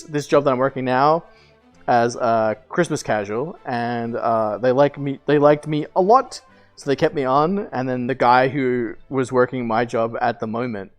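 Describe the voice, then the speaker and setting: A man's voice: a little high, moderate pace, soft background music. A young man streaming, casually telling a long story with lots of "like" fillers, swearing and laughter.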